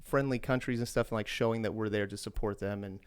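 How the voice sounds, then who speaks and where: A man's voice: on the low side, steady tone, a little fast, clear, resonant tone. A man from Indiana co-hosting a podcast, talking casually and at length with plenty of "you know" and "like". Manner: talkative, rambling with fillers. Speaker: podcast co-host.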